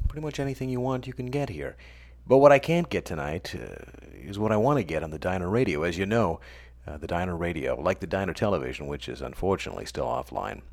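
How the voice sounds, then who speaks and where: A middle-aged American man hosting a scripted comic radio monologue with dry, sardonic asides. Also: sits low. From United States. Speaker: radio show host.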